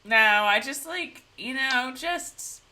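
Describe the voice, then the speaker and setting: A woman co-hosting a casual TV recap show, animated and joking as she talks. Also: high-pitched, slow. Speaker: podcast co-host.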